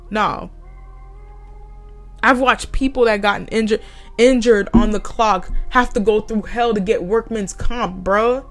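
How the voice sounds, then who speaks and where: A young woman ranting heatedly and sarcastically in a profane vlog monologue. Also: a little high. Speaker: vlogger.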